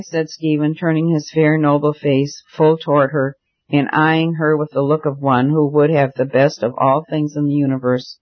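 A man reading a novel aloud as narrator, steady and measured. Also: on the high side, lo-fi sound. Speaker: audiobook narrator.

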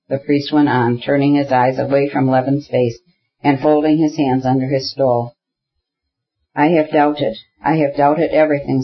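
A man reading a classic novel aloud as an audiobook narrator, in a steady, measured way. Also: mid-range voice, slightly rough, muffled recording.

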